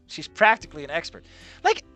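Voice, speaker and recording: A streamer reacts to a visual novel in a sarcastic, disbelieving way and swears often. The voice is bright and sharp, and the pitch rises and falls a lot. Soft game music plays underneath. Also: wildly swooping pitch, measured pace. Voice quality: sarcastic, incredulous, swears freely. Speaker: let's play streamer.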